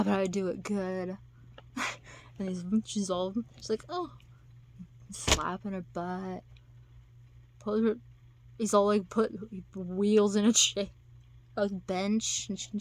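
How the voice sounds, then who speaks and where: A woman's voice: medium pitch, fairly even intonation, unhurried, pauses often. A woman talking casually to her viewers, rambling and giggling, acting out quotes in put-on voices. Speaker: vlogger. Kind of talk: casual monologue to camera.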